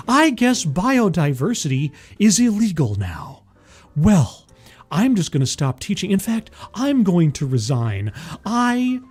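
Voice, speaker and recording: Man doing a loud, whiny teacher, melodramatic, pitch swinging all over. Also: exaggerated voice. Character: whiny self-pitying male teacher.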